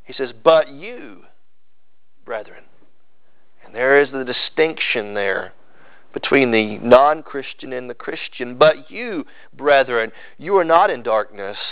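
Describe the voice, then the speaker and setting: A man preaching a sermon as pastor, moving from loud emphasis to hushed, drawn-out intensity. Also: mid-range voice, no echo. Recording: slightly dull, dry sound.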